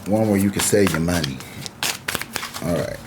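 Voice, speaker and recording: A man's voice: low-pitched, moderate pace, background noise. A man giving a casual tarot reading, talking in a laid-back, chatty and reassuring way with the odd curse word thrown in. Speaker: tarot reader.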